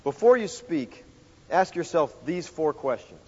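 Male pastor, conversational sermon, rhetorical questions, slightly high voice, long hall reverb, dull sound. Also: sing-song, measured pace, a little mellow, breathy edge. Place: church sanctuary.

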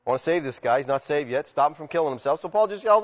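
A man preaching a sermon, animated, acting out quotes and swinging from loud shouts to quiet asides. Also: a little high, very fast. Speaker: pastor. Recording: muffled sound with long hall reverb.

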